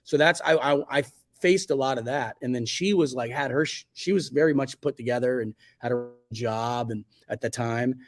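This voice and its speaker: A middle-pitched man in his forties talks through his past in a casual interview. He rambles, restarts sentences and leans on fillers like "like" and "you know". When he quotes other people, his voice jumps up high. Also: moderate pace, over music. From Virginia Beach, United States. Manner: chatty, rambling, many fillers and self-corrections; acts out quoted speech in a much higher voice. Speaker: guest photographer.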